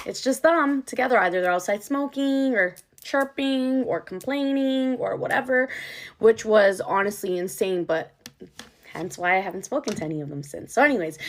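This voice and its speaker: A young woman vlogger casually telling a story about her wedding, chatty and exasperated, filling her talk with "like". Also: mid-range voice. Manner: chatty, animated, exasperated, heavy use of "like".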